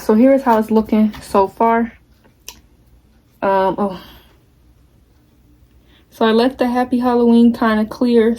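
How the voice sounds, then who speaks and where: A woman's voice: a little high, darkish tone. Chatty young woman in her twenties. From United States. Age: 20s. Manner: chatty and candid, addresses viewers as y'all. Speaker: vlogger. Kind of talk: casual vlog chat while crafting.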